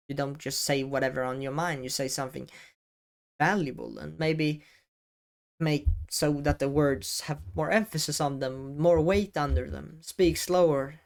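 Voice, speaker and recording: A man giving talking-head advice as an educational video creator, speaking deliberately with frequent pauses, stressed key words and casual swearing, seated at a desk mic. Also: on the high side, vocal fry. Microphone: desk microphone, seated at camera.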